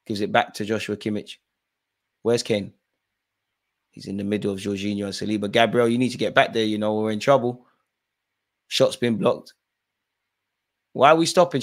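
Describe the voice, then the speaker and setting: A man in mid-range pitch commentates live on a football match as a fan host. He flips between loud outbursts at the players and the referee and low, muttered remarks. His delivery is casual and unscripted. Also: fairly quick, pauses often. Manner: excitable, shouts encouragement and complaints at players and referee.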